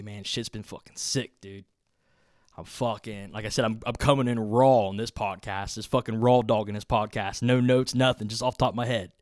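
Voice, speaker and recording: Recorded with clean studio sound and no echo, a low-voiced man from Southern Ohio talks off the cuff on his solo podcast. His delivery is relaxed, rambling, and full of swearing.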